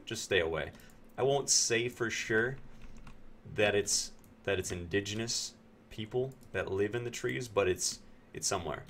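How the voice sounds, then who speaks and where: A man from Pennsylvania, a game streamer, telling a story in a casual, animated way and acting out other people's lines. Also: deep voice, slight background noise.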